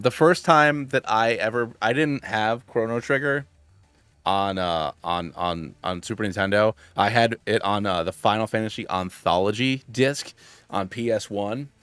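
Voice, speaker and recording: A man in his thirties streaming a game, chatting casually in a rambling, excitable way with many restarts and tangents. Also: fairly low pitch, a little slow, no echo, soft background music. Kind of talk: casual gaming stream chat.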